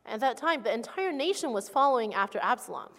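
A woman's voice: fairly high pitch, big pitch swings, fast, vocal fry, a bit bright. A woman interpreting a sermon into English line by line, reading scripture with feeling. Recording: long hall reverb.

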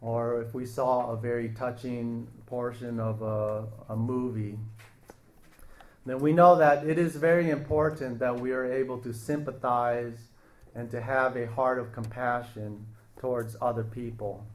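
Slow, earnest male preacher. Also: mid-range voice, steady tone. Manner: slow, earnest, halting with many restarts. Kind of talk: sermon.

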